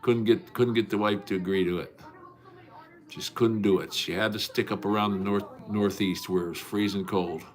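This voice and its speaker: A man with a very low, deep voice hosts a casual livestream from his home. He greets viewers by name and drifts from story to story in a folksy way. His speech is loose and rambling, with plenty of "uh" and false starts. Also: fairly even intonation, moderate pace. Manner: folksy, rambling, with many fillers and restarts. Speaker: livestream host.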